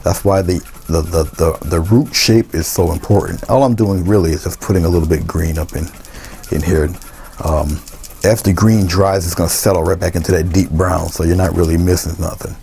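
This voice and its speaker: A man giving a relaxed, unscripted painting lesson, talking through each step with fillers and restarts. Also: low-pitched, normal speed, gravelly. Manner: relaxed, thinking aloud with many fillers and restarts. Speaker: painting instructor. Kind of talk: casual painting tutorial.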